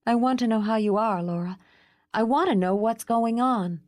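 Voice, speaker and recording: A woman's voice: a little high, normal speed, darkish tone, no room sound, studio quality, pitched above the performer's own voice, natural voice. A woman playing a fiery, demanding young woman. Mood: insistent. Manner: urgent and demanding. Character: impulsive, fiery young woman, worn out from travel.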